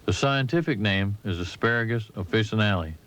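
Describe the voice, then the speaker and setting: A man giving measured, instructive scripted narration for an instructional film, recorded as a voice-over. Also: on the low side, fairly bright tone. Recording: dull lo-fi 1980s training film audio.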